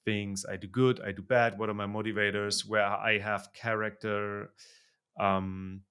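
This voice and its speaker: Gravelly low-voiced male podcast host. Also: level tone, measured pace, fairly bright tone. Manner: hesitant, searches for words. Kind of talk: conversational interview.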